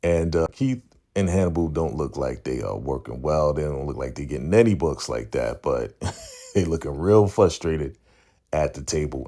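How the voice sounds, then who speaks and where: Very deep-voiced man recapping a show. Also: dark tone. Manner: laid-back, conversational, often tags sentences with "right?" and acts out lines. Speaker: TV recap channel host. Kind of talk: casual TV episode recap.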